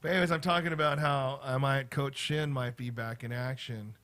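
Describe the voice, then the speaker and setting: A middle-aged man, a teacher, chatting casually on a livestream in a rambling way, with lots of fillers and animated storytelling. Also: mid-range voice, moderate pace. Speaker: teacher and vlogger.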